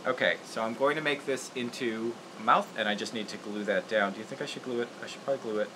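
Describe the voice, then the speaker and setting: A man's voice: medium pitch, fast, background noise. A man hosting a casual livestream puppet-making tutorial, rambling and laughing at himself as he works. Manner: rambling, laughing, self-deprecating. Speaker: puppeteer host.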